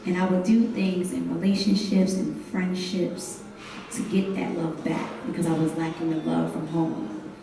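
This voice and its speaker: A young woman performing spoken word poetry on a live stage, speaking in rhythmic refrains and leading call-and-response, rising into intense, loud gasps and cries. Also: on the low side, little pitch movement, a little slow, gravelly. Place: hotel event stage, live audience. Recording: very echoey room, voice from far off.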